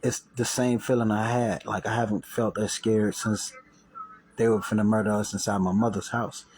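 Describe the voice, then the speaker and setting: A man's voice: fairly low pitch, level tone, normal speed, slightly rough, low-quality recording. A man casually telling viewers a personal story, slangy and profane, repeating and restarting himself. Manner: slangy, profane, repeats and restarts, acts out quoted voices loudly.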